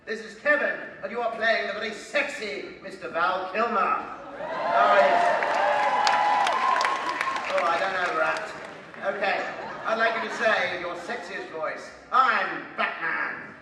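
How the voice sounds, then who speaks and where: A man's voice: sits high, unhurried, pauses often. A man hosting a live comedy stage show in a theatrical, mock-pompous, playful way. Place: large hall with a live audience. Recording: echoey hall from far off, crowd noise.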